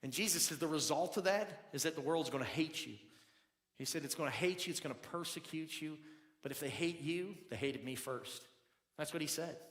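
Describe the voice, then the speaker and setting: A pastor preaching a conversational sermon, repeating words as he builds, swinging between low confiding tones and loud emphatic bursts. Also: a little fast. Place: church sanctuary. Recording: echoey hall, long reverb.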